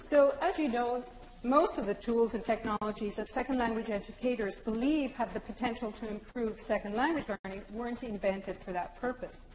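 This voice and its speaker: A woman giving an academic conference talk to language teachers, speaking in a clear, measured way and addressing the audience directly. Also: fairly high pitch, darkish tone, a little hiss or hum. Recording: echoey lecture hall with long reverb.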